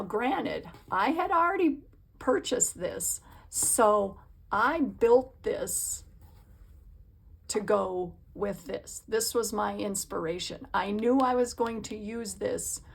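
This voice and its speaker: A woman's voice: medium pitch, gravelly, breathy edge. A woman hosting her own crafting channel from her home craft room, chatting casually and gushing with enthusiasm about her projects. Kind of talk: casual crafting vlog chat.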